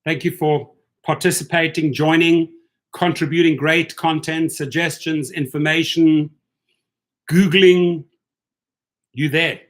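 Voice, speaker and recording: A man's voice: on the high side, fairly even intonation, slow. A man chatting casually on a livestream. He talks loosely and repeats himself, and he sounds tired as he answers viewers one by one. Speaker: livestream host for rideshare drivers. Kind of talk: casual livestream chat reading viewer comments.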